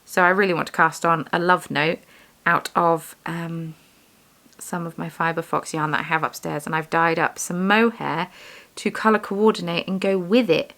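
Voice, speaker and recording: Her voice sits on the lower side, steady and fairly bright, moving at a moderate pace. The young vlogger, a yarn dyer and shop owner, does bead weaving as she rambles chattily and makes self-deprecating jokes.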